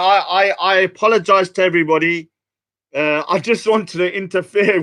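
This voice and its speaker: Young British man hosting a livestream, rambling and self-mocking, bright and fairly high voice. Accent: British English. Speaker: livestream host. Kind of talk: casual livestream chat.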